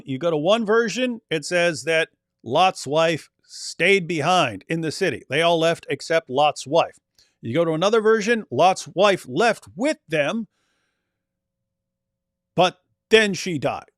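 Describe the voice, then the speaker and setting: A man with a fairly high voice, recorded close and dry with no room sound. He comments on clips in an emphatic, insistent way, answering his own rhetorical questions. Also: dry recording. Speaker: commentator reacting to street debate clips. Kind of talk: critical commentary over replayed clips.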